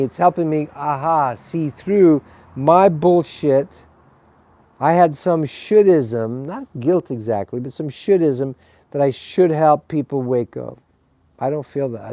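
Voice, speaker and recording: A man's voice: a little high, dark tone, no room sound. A man hosting a spiritual webcast, talking in a rambling, blunt and profane monologue. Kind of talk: casual spoken monologue.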